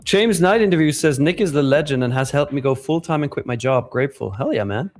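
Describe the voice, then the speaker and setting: A man's voice: fairly high pitch, expressive, a little fast, faint music behind. A man co-hosting a live stream, joking around and reading viewer comments aloud in casual chat. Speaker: stream co-host.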